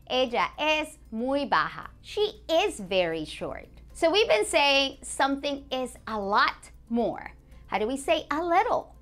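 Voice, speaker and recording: A woman teaching a beginners' language lesson, a native Spanish speaker who says example phrases slowly and clearly and praises the learner. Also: on the high side, a bit bright. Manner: clear, slow modeling of example phrases, encouraging.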